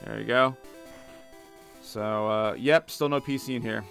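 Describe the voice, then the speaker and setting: A man's voice: fairly low pitch, steady tone, a little slow, vocal fry, a bit bright, faint music behind. A man giving casual commentary over a video game, hesitant and stammering, often repeating words. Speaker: gaming video host.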